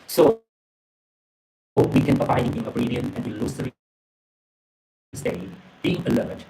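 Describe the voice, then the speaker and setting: A man retelling a story from a book and reading a message aloud, halting and repeating words, often filling with okay and yeah. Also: mellow, reverberant, faint music behind, poor audio. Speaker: presenter retelling a book's story.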